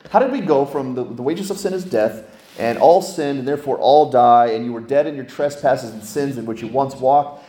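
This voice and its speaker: A man, a lead pastor, preaching a lively, conversational sermon full of rhetorical questions. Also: mid-range voice, echoey room. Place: church sanctuary.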